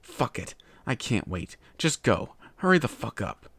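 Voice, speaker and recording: Man voicing a male changeling, storybook, gravelly, forceful, volatile, snarling. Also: mid-range voice, sing-song, unhurried, dry recording, full character voice. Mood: harsh, desperate. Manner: snarling, demanding. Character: volatile male changeling lover, desperate and cruel.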